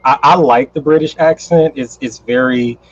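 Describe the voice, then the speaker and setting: An American man teaching English in a relaxed, friendly way on a video call, agreeing often and laughing a lot. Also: mid-range voice, moderate pace, slight background noise. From United States. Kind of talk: casual conversation on a video call. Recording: husky voice over a dull, lo-fi call line.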